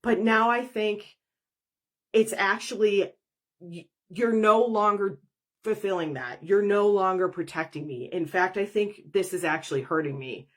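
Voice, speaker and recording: A woman who works professionally as an energy worker talks conversationally through a spiritual podcast monologue, acting out inner dialogues. Her voice sits on the low side.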